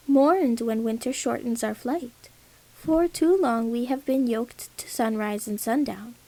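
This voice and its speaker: A woman's voice: fairly high pitch, warm tone, rough recording. A woman voicing haughty, childlike sun birds who taunt in a sing-song way.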